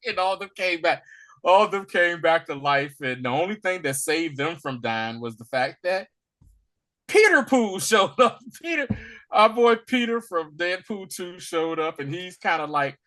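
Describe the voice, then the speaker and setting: A man's voice: high voice, normal speed. A man co-hosting a casual movie review podcast, laughing often and acting out lines from scenes. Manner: animated, laughs often, acts out quotes from scenes. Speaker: podcast co-host.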